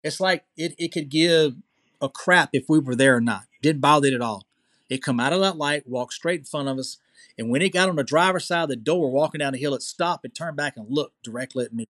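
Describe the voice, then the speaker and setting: Excitable Southern man telling a tale. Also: fairly high pitch, brisk, dry recording. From Louisiana. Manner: excitable storyteller, repeats phrases, checks in with the listener. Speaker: podcast guest. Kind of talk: telling a personal story.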